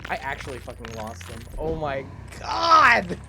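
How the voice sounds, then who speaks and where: Lively, swearing game streamer. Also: mid-range voice, moderate pace, a little hiss or hum. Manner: chatty, swears a lot, self-mocking. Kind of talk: casual live-stream gaming commentary.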